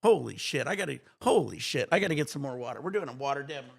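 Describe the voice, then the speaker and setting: Gravelly excitable man streaming. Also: medium pitch, fast. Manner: excitable, swearing, breathless exclamations and laughs. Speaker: livestream gamer. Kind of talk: excited casual livestream chat.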